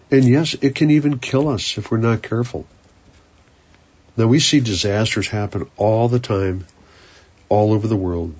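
A man preaching a sermon in an earnest, unhurried way, sometimes repeating words as he searches for them. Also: lowish voice, breathy edge, dull audio.

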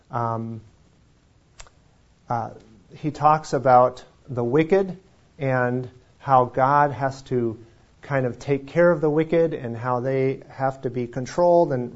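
A man's voice: mid-range voice, a little mellow. Man teaching a casual Bible study. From Wisconsin. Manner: conversational, rambling, self-deprecating humor. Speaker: preacher. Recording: slightly dull lo-fi sound.

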